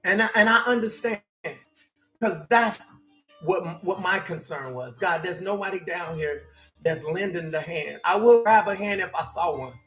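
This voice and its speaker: A man preaches a motivational sermon in a high, bright, cutting voice. He swings from shouting to near-whispers and repeats key phrases. Faint music plays underneath. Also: normal speed. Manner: preachy, shifts between shouting and hushed, repetitive. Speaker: life coach preacher. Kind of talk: sermon-style motivational talk.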